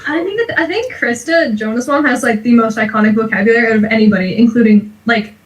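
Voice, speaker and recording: A woman's voice: on the high side, far from the mic. A young woman from Canada, a giggly interview guest who says "like" a lot. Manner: giggly, quick, uses "like" a lot. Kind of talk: casual interview chat.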